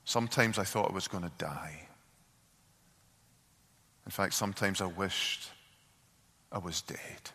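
A man voicing a grieving father who speaks quietly and haltingly about his past. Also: low-pitched, slightly rough, big-room sound, pitched below the performer's own voice, exaggerated voice. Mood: broken. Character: broken grieving father recalling abuse.

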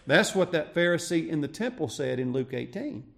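A male pastor preaching a sermon, swinging between raised, emphatic cries and hushed, quiet passages. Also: fairly high pitch, expressive, moderate pace, gravelly. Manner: preaching with rising shouts and hushed drops.

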